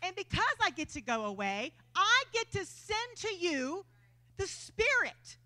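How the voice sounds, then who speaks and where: An overjoyed, whooping Jesus, as a woman preacher puts him on soars high above her usual voice and bubbles over with eager excitement. The delivery is bright and lively and swings wildly in pitch. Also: moderate pace, no echo, exaggerated voice. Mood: exuberant.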